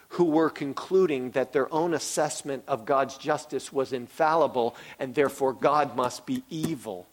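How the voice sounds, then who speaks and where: Pastor, middle-aged man, earnest sermon delivery, slightly higher voice, unhurried, repeats key lines for weight.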